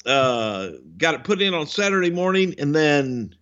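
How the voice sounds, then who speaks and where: A man co-hosting a podcast, telling stories in a casual, profane way and swinging between low grumbling and loud outbursts. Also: lively intonation, normal speed, highs cut off. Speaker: podcast co-host, wrestling veteran.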